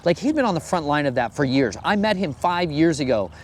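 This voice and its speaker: A man reading scripture aloud and then commenting on it in a conversational, animated sermon style. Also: fairly high pitch, brisk, a little hiss or hum. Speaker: Bible teacher.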